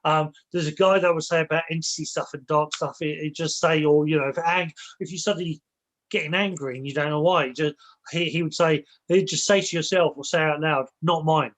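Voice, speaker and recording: Man, slightly high voice, casual interview guest, rambling, reflective, lots of restarts. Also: fairly even intonation, fairly quick, fairly bright tone, poor audio. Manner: rambling, with frequent repeated words and restarts; reflective, explaining ideas through personal stories. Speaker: guest, spiritual and martial arts teacher.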